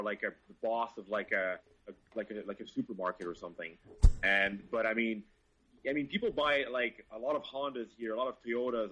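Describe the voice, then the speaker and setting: A man's voice: medium pitch, bright, forceful tone, slightly rough, low-quality recording. A Canadian car reviewer, a man, chatting casually and with enthusiasm, swearing freely. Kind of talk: casual chat.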